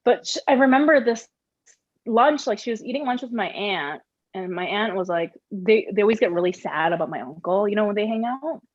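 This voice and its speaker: A woman interviewing a guest in casual conversation, chatty and lively, with many "like" fillers. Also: medium pitch, brisk, no room sound, highs cut off.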